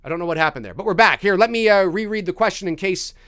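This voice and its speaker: Talkative man hosting a live chat, higher voice. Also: animated, fast, a bit bright, clean tone, dry recording, clean studio sound. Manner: rambling, restarts often, reads chat questions aloud. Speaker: live stream host answering viewer questions; voice actor. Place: home recording studio.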